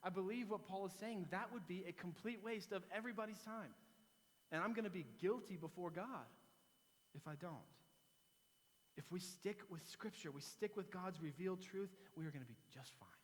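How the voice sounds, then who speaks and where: Man, pastor, sermon, animated self-deprecating stories, higher voice, long hall reverb. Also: moderate pace. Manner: animated storytelling with self-mocking humor. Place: church sanctuary.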